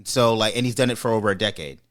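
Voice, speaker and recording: A man's voice: on the low side, quick pace, a bit bright. A man hosting a casual podcast debate, who speaks emphatically and speeds up when he makes a point. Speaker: podcast host.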